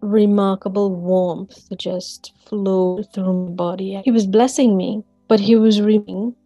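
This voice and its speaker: A woman in her forties, an author and counselor, gives an earnest personal testimony in a deliberate, measured way, sometimes repeating words as she recalls the moment. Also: medium pitch, fairly even intonation, warm tone, no echo, muffled recording, soft background music. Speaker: author and counselor sharing a near-death experience.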